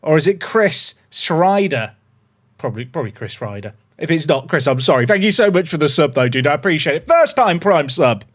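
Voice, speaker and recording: Lively, high-voiced man streaming. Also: fairly quick. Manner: chatty, upbeat, greets viewers. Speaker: livestreamer. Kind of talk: casual livestream chat. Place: home office.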